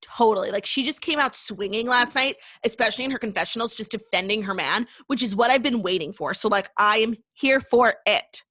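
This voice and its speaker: A woman's voice: a little high, a bit bright, dry recording. A young woman co-hosting a podcast, gossiping in casual chat with lots of "like" and some swearing. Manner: fast gossipy talk, heavy "like" filler, swearing. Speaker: podcast co-host.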